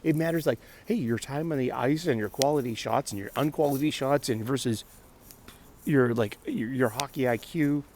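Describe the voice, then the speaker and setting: A man of middle pitch talks on his own as host of a casual show. He rambles, stopping and restarting his thoughts and laughing often, with a faint noise under the recording. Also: moderate pace, darkish tone. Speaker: podcast host. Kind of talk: casual solo chat.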